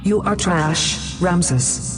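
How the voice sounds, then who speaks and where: A man's voice: sits high, very slow, music in the background, voice pushed up. A man voicing a cold, contemptuous council of shadowy male elders in a fan dub, with a reverb effect on the voices. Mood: scornful. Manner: contemptuous, menacing.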